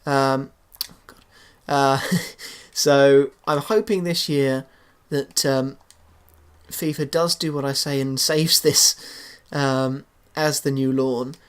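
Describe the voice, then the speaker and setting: A man's voice: mid-range voice, fairly even intonation, slow pace, clean tone. A young man giving casual, hesitant commentary on his football game, full of fillers and restarts. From England. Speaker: gaming YouTuber.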